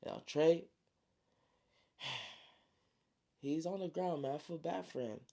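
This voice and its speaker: A man's voice: a little high, slow, gravelly, mellow. A man casually retelling his own story like a friend, slangy and full of spoken sound effects. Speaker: storyteller, author.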